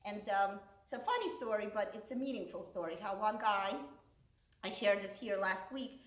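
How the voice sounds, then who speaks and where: A woman's voice: animated, moderate pace. Woman comic, native Russian speaker, echoey room. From Russian-speaking background. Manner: rambling, filler-heavy storytelling, jumping into high-pitched quoted voices. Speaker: stand-up comedian. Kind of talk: stand-up storytelling. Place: event hall. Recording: echoey room, recorded from a distance.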